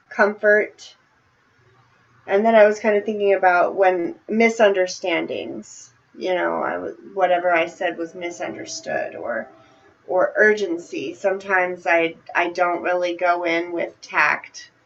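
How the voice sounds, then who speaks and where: A woman taking part in a group call, speaking softly and hesitantly. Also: on the low side, steady tone, slow pace, muffled recording. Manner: soft-spoken, hesitant. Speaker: workshop participant.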